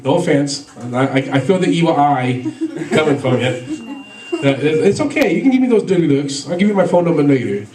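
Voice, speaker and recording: A man's voice: a little high, warm tone, reverberant, recorded from a distance, rough recording. A man doing a stand-up comedy set, rambling through stories with lots of fillers and laughs at his own jokes. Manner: rambling, filler-heavy storytelling with frequent laughs.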